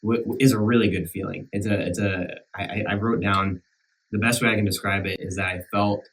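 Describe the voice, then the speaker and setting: A man's voice: on the low side, steady tone, a little fast, fairly bright tone, distant mic, slight background noise, low-quality recording. A man with a country accent, a church minister chatting casually on a podcast, talking earnestly with many restarts and fillers. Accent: rural American country. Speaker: minister back from sabbatical.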